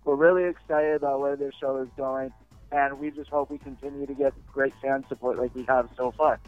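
A man's voice: mid-range voice, fairly even intonation, fairly quick, no room sound, soft background music. A young man, a guest podcaster, earnestly and upbeatly promoting his own sports show. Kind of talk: promotional pitch. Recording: tinny phone-like line.

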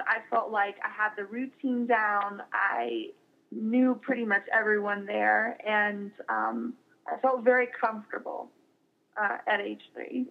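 A young woman being interviewed as a guest, speaking warmly and haltingly with many fillers and restarts. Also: medium pitch, creaky. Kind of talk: casual interview. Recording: dull lo-fi recording.

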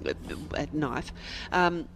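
A woman co-hosting a podcast, reading out listener mail in a relaxed, playful way. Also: deep voice, slow pace, gravelly, background noise. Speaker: podcast co-host.

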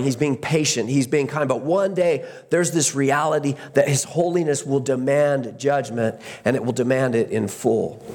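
A man's voice: fairly high pitch, big-room sound. A man preaching a sermon as pastor, earnest, repeating words for emphasis and often restarting his sentences.

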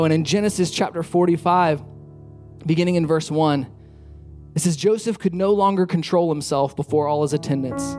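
A man with a notably high voice preaches in a relaxed, conversational way. He circles back on phrases to drive a point home and slips into the voices of the people in his stories. Soft music plays faintly beneath him. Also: normal speed. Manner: conversational, repeats phrases for emphasis, acts out quotes. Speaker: pastor. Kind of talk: sermon with storytelling.

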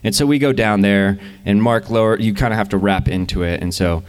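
A young man, a guest at a live interview, telling a story in an easygoing, relaxed way. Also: lowish voice, a little fast, smooth. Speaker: guest climber.

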